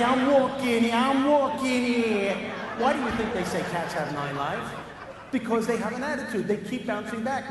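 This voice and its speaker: Brief: New comic-turned-motivational speaker, high, punchy, hammering points home, reverberant hall with faint room noise. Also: male voice. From New York. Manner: emphatic, repetitive, punchy. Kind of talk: comedic keynote speech. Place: large hall with a live audience.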